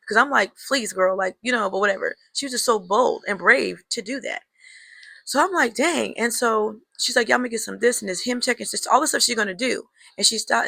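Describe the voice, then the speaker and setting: A young woman tells a story straight to her viewers, chatty and reflective, calling them girl and y'all. Her voice is bright with a gravelly, fry-laden edge. The sound is close and dry. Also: a little high, no room sound. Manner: reflective, draws life lessons. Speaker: vlogger telling a personal story. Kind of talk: casual storytelling to camera.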